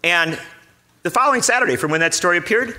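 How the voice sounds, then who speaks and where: A man's voice: high-pitched, lively intonation, quick pace, sharp tone. A man speaking on a conference panel, telling a story with a sarcastic edge. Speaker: panelist reporter.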